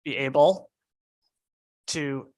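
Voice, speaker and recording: A man's voice: fairly high pitch, very slow, darkish tone. A man, a deputy commissioner, answering questions at a public hearing with lots of fillers. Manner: hesitant, many fillers.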